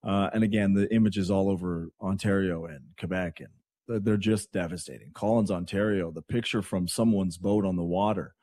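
A man from Canada hosting morning radio, talking in a chatty, rambling way with excitable asides. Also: low voice, normal speed, no room sound, clean studio sound. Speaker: radio host.

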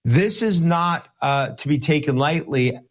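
Emphatic man slowing down for emphasis. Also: fairly high pitch, animated. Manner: sarcastic at times. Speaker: guest lawyer. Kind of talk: podcast interview talk.

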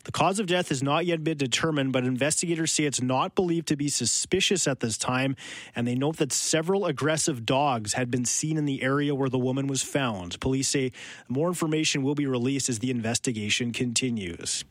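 Radio news anchor, man, steady measured read, very dry sound. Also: medium pitch, no echo. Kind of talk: radio newscast reading.

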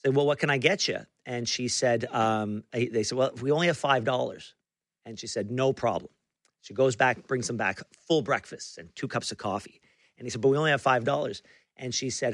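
A man's voice: mid-range voice, steady tone, a little fast, pushed and bright, no room sound, clean studio sound. A man hosting a conversational interview, telling a story with frequent restarts and fillers. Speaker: interview host.

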